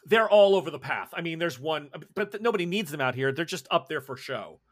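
A man's voice: on the high side, brisk. A man narrating a tabletop role-playing game as game master. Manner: animated, lively narration.

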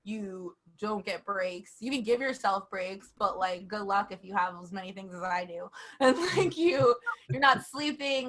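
Bright chatty young woman, laughing often. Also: mid-range voice. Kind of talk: casual podcast chat.

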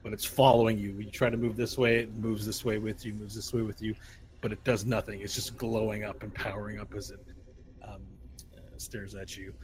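A man's voice: on the low side, little pitch movement, a little fast, noisy background. A man running a tabletop role-playing game as dungeon master, narrating scenes with vivid sound effects and frequent restarts.

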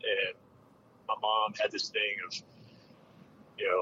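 A man in his forties, a military veteran, telling a hard personal story with candid, halting speech and many fillers. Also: fairly low pitch, fairly even intonation, a bit bright, highs cut off, slight background noise. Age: 40s.

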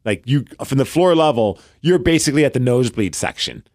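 A man's voice: mid-range voice, very animated, a little fast, darkish tone, no room sound, studio quality. A man from Brooklyn with a New York accent, co-hosting a podcast and telling a long story in casual chat, rambling and acting out the voices of the people he quotes. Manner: rambling, acts out quoted dialogue. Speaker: podcast co-host.

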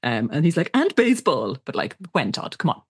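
A woman co-hosting a casual recap chat, animated and giggly, swearing casually. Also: very deep voice, brisk, slightly rough, dry recording, clean studio sound. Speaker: podcast co-host.

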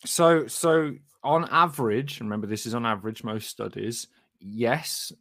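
A man co-hosting a podcast who explains things in a measured way and laughs easily. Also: mid-range voice, fairly bright tone, no room sound, studio quality. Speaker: podcast co-host, academic. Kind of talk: casual podcast chat.

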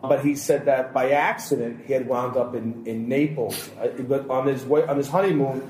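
In a relaxed podcast roundtable, a male co-host relates long anecdotes and quotes what people told him. He speaks steadily at normal speed in a darkish, mid-range voice. The sound is roomy, with a faint background hiss.

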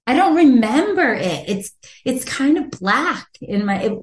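A woman guest recounts a personal story in an animated interview. Her voice sits a little high, and she breaks into laughter often. She acts out the voices she quotes, and the room adds a noticeable echo. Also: unhurried. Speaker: guest, author.

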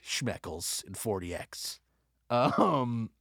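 A man in a casual movie review chat, excitable and profane, rambling from point to point. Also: mid-range voice, a little slow, no room sound, clean studio sound.

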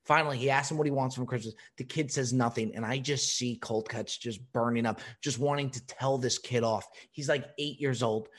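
A man hosting a podcast, telling a funny story in a lively way and answering voicemails. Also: medium pitch, fairly quick, hardly any pauses. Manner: animated, laughing storyteller. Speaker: podcast host.

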